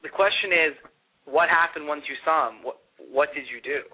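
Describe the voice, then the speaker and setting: A man's voice: a little high, moderate pace, slightly rough. A man hosting a podcast, asking teasing, playful questions. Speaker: podcast host. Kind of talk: casual podcast interview. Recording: tinny phone line.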